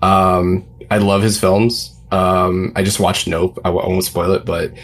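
A man's voice: sits low, little pitch movement, a little slow. A man, a game developer hosting a panel, talking easily with many fillers. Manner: easygoing, filler-heavy, laughs readily. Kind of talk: casual panel chat.

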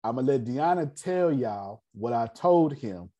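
A man leading a class in a casual, animated way, telling stories and talking straight to his audience. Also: mid-range voice, measured pace. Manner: animated, digressive, addresses the audience directly. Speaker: class leader. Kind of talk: casual teaching and storytelling.

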